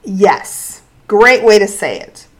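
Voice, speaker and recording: A woman's voice: medium pitch, expressive, takes it slowly. A woman co-hosting a podcast, speaking candidly and personally about her own life in casual chat. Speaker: podcast co-host.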